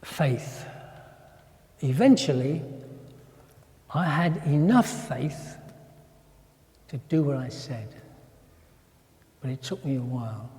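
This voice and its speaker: An older man preaching a sermon, telling a personal story in a lively way and acting out the lines of the people in it. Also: medium pitch. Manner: animated storytelling, acting out dialogue in quoted voices. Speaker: pastor. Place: church hall. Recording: echoey church hall with long reverb.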